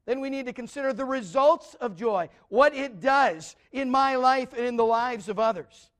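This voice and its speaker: A man preaching a sermon, often restarting words and checking in with the congregation, moving between loud emphatic lines and quiet asides. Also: extremely high pitch, moderate pace. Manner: repeats words as he restarts, asks the audience "right?". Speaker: pastor.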